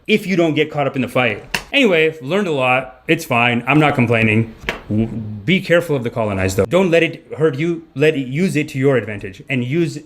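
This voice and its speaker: A man's voice: medium pitch, animated, a little fast, faint music behind. A man doing a comedic monologue as a mock spiritual guru, rambling and cutting himself off.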